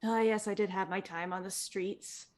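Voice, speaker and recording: A woman's voice: mid-range voice, fairly even intonation, moderate pace. A woman playing a tabletop game who describes her character's actions hesitantly and thinks aloud. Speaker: player. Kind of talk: casual tabletop play.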